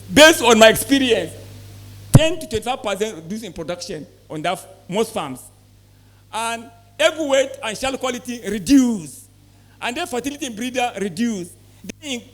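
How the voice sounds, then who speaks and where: A man giving a live seminar talk to farmers, repeating points and asking the audience questions. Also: very high voice. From Nigeria. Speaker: sales manager giving a farm talk.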